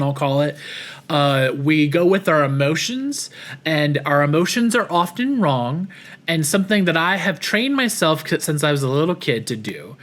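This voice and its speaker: A man's voice: fairly high pitch, fairly bright tone. A man hosting a podcast, talking through a personal check-in in a reflective, rambling way with many restarts and fillers. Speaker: podcast host.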